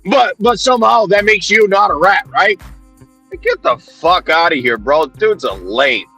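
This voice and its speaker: A man's voice: high voice, lively intonation, measured pace, sharp tone, breathy edge, soft background music. A man ranting heatedly on a livestream, swearing constantly, mocking and confronting people while he answers his chat.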